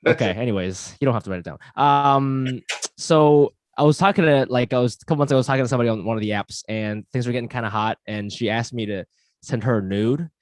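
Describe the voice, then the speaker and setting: A man's voice: mid-range voice, fast talker, no echo. A man in his thirties from New York doing a stand-up comedy set, chatty and rambling, self-deprecating with lots of filler words. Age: 30s. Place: home, online show.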